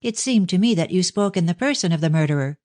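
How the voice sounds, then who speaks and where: A woman's voice: lowish voice, lively intonation, quick pace, a little mellow, lightly acted. A woman playing an anxious young woman. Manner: urgent, pleading questions.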